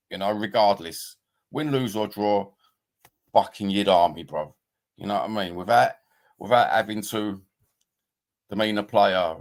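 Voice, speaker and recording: A man, chatting casually on a livestream and reading out viewer comments. He rambles bluntly, swears freely and calls people mate and bruv. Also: lowish voice. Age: 50s. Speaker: livestream host.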